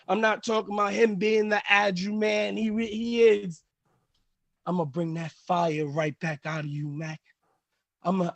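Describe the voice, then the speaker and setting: A man's voice: high-pitched, no echo. A man who is a pro wrestler cutting a heated, trash-talking promo on a live stream. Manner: intense, trash-talking, builds to shouting.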